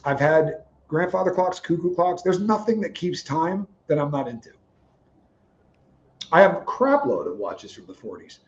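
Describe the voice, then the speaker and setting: A man's voice: fairly high pitch, moderate pace, dull audio, slight background noise. A man co-hosting a livestream, telling stories casually and acting out the dialogue in quotes. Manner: animated, acts out dialogue in quotes. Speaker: co-host of a livestream. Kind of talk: casual storytelling chat.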